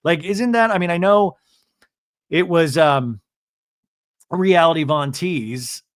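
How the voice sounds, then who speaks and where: Male comedy recap host with a high, swooping voice, rambling and sarcastic, in a dry, close sound. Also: slow pace, no room sound. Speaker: podcast host.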